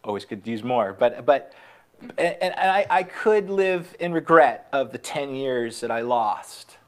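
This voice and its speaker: Animated guest with a halting delivery. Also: mid-range voice. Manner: halting, many restarts, laughs easily. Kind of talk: casual conversation.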